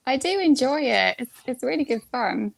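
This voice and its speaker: Giggly woman with a gravelly voice. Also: high-pitched, expressive, normal speed, no room sound. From Chicago area. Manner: giggly, playful. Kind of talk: casual group chat.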